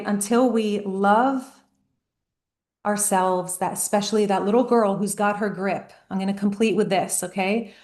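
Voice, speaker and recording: A woman life coach giving a motivational talk, emphatic and storytelling, slowing down on key phrases. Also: medium pitch, darkish tone, reverberant.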